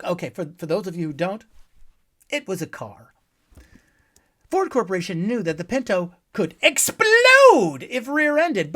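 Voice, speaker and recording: With a very high-pitched voice, the host delivers a scripted political monologue, flinging sarcasm and insults. He alternates between loud outbursts and quiet asides.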